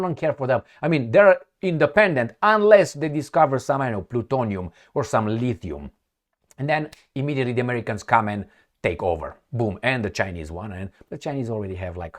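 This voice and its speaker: A man from Romania with a Romanian accent, giving sarcastic, scornful commentary while reading out news quotes. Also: medium pitch. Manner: sarcastic and scornful, laughs at his own remarks. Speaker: political commentator.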